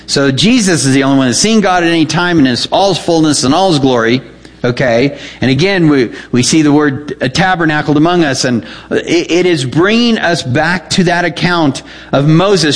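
Emphatic man teaching from scripture. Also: brisk. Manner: emphatic, rises in pitch when reading scripture aloud; repeats words and asks the audience questions. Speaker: pastor. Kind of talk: expository Bible teaching.

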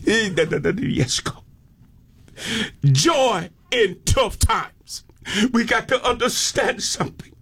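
A male preacher giving a fervent sermon, often breaking into shouted exclamations and repeating phrases with emphatic calls. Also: sits high, lively intonation, slow, breathy edge.

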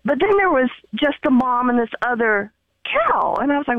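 A woman's voice: high voice, moderate pace, no echo. Chatty woman on a muffled phone line. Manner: chatty, animated storyteller with many fillers. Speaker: caller. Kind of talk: casual phone-in storytelling.

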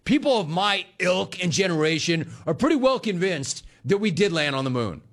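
Animated, fast-talking male sports radio host. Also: high-pitched. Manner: sarcastic, storytelling, impersonates callers and family.

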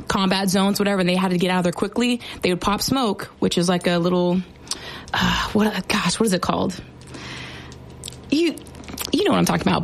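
A young woman who serves as a sergeant, casually explaining military slang in a chatty, playful way with lots of fillers. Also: mid-range voice. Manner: chatty, filler-heavy, playful teasing asides.

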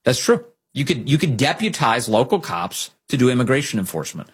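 A man hosting a political talk show, delivering sarcastic, animated commentary. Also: medium pitch, fairly quick, husky. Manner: animated, sarcastic, mimics opponents.

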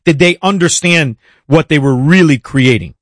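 A man's voice: a little high, lively intonation, moderate pace, no echo. Impassioned male interview host, dry sound. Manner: impassioned, rambling questions. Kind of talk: conversational interview.

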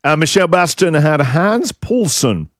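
A man's voice: a little high, very animated, unhurried, over music. A man hosting a radio show, playing song clips and joking through them with frequent laughter. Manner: jokey, laughs often, plays song clips. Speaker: radio host. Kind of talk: breakfast radio banter.

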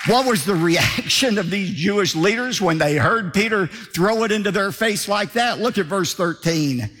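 A man's voice: high voice, animated, normal speed, a bit bright, big-room sound. A male pastor delivering a sermon in an emphatic, declamatory way, driving points home by repetition.

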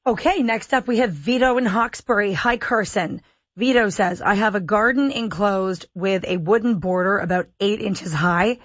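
A woman's voice: medium pitch, moderate pace, no room sound, highs cut off. A woman radio host reading listener questions aloud and teasing her guest in a playful way. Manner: playful, reads messages aloud and teases.

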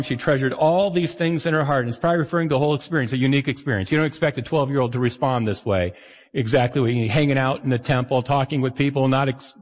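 A male pastor delivering a conversational sermon with dry humor, slipping into little voices for the people he quotes. His voice sits at an ordinary pitch and hangs in the long reverb of a church hall.

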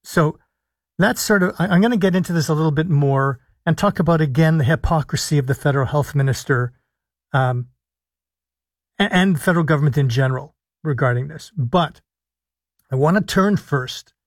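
Measured man hosting talk radio. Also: on the high side, no room sound. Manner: measured, explanatory, stresses key words with deliberate pauses. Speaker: radio talk show host, physician. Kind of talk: live call-in radio commentary. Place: radio studio. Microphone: studio microphone.

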